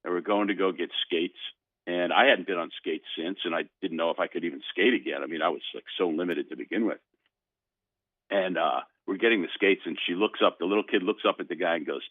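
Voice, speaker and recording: A man's voice: sits low, fast talker, no room sound. An older man, a guest on a sports radio show, telling a long story with lots of restarts, heard over a phone line. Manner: animated storyteller with frequent restarts. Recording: dry phone-line sound.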